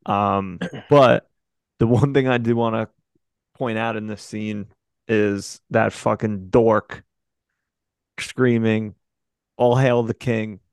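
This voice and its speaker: Man, casual podcast co-host, rambling, profane, exasperated, gravelly voice, dry sound. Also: on the low side, steady tone, slow pace, pauses often, no echo. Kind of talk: casual recap chat.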